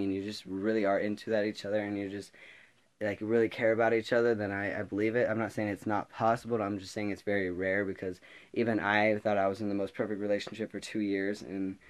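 A teenage boy spins a casual story from his school days, with a fairly low voice. He rambles, restarts and laughs as he talks to his viewers. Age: teens. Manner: rambling, laughing, animated retelling. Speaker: vlogger.

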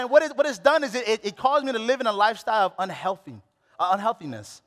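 High-voiced man preaching in a reverberant hall. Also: animated, fast talker, a bit bright, slight background noise. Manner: candid, self-deprecating, repeats phrases for emphasis. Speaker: pastor. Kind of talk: sermon.

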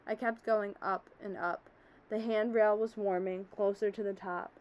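A woman's voice: medium pitch, steady tone, measured pace, darkish tone, natural voice, rough recording. A woman reading a story aloud, telling it as a man who survived a disaster, in an earnest, haunted way. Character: middle-aged man, former office worker, shaken survivor.

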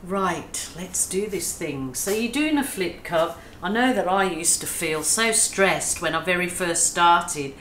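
An Australian woman talks unhurriedly through her painting, her voice a touch low and calm. She coaches gently and pokes fun at herself. The room is echoey, with a faint hum of ambience behind her. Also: a little slow, hardly any pauses. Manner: chatty, self-deprecating, soothing coaching. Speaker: acrylic pouring artist. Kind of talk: casual painting tutorial chat.

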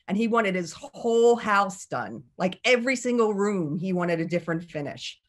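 A woman's voice: on the low side, expressive, moderate pace, hardly any pauses. A middle-aged woman giving a candid, chatty talk about her own journey, laughing often. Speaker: speaker. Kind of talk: personal story talk.

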